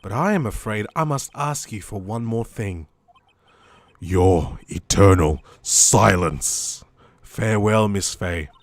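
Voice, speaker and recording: Slow, low, gloating male game villain, done by a man, lively menace. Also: no echo. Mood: menacing. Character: menacing smooth-talking male villain, sinister.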